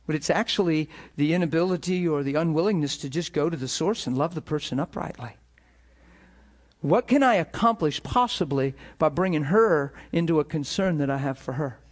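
A man gives an animated, conversational sermon as a pastor at normal speed, his voice on the high side. He laughs between points and whispers out imagined thoughts.

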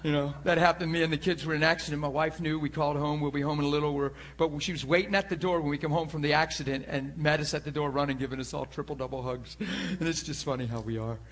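Middle-aged male preacher, high bright voice, rambling and laughing at himself in a pulpit sermon. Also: steady tone, fast, few pauses, a little hiss or hum. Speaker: pastor. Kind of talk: storytelling sermon. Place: church pulpit.

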